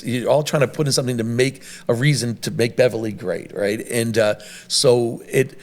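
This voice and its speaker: Fast-talking man telling rambling stories. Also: medium pitch. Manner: rambling, animated storyteller with many restarts. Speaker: restaurant owner and guest. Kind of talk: conversational podcast storytelling.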